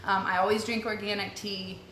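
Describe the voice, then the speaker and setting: A woman's voice: medium pitch, flat delivery, fairly quick, fairly bright tone. Young woman host, casual upbeat chatter, fillers throughout, roomy echo with faint background hum. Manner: chatty, upbeat, frequent ums and likes. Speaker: host answering viewer questions. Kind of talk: casual live-stream chat. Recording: echoey room with faint ambience.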